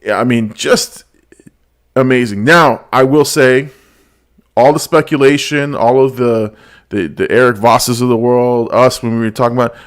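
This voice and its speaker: Male podcast host, mid-pitched, lively casual storyteller. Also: normal speed. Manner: animated, storytelling with quoted lines and laughs. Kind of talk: casual movie review chat.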